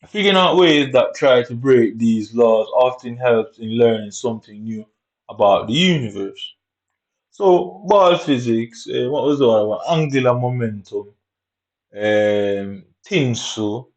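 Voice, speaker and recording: A man's voice: medium pitch, darkish tone, lo-fi sound. A man with a Jamaican accent, ranting angrily over gameplay, swearing constantly and using street slang. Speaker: gamer.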